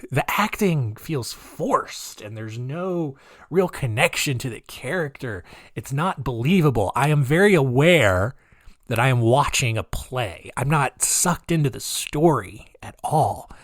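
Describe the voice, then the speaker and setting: Brief: young adult male podcast host, rambling and casual, mid pitch, dry close mic. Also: no room sound. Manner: rambling, full of fillers and laughs. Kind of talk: casual history podcast chat.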